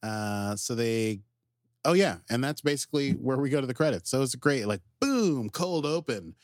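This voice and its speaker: A man co-hosting a podcast, recapping episodes in casual, animated chat. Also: medium pitch, normal speed, no echo, clean studio sound. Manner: animated, jumps into quoted character voices. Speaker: podcast co-host.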